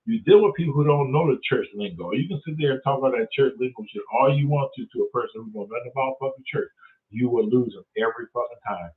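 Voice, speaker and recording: A man's voice: medium pitch, fast talker. Man, host, heavy swearing, street-style preaching, phone-like audio, distant from mic. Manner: swears constantly, acts out characters in voices. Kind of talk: profane street-style Bible retelling. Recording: tinny phone-like sound, voice off-mic.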